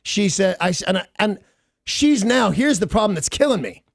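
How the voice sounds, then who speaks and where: A middle-aged man, a radio host, telling an animated story in a casual talk segment and mimicking other people's voices. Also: sits high, moderate pace, creaky, no room sound, studio quality.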